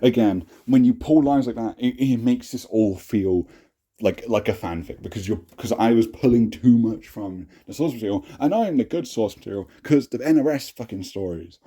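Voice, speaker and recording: A man's voice: medium pitch, moderate pace, warm tone, breathy edge. A young adult man hosting a casual talk, cringing at his own old writing, swearing often and laughing at himself. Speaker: host.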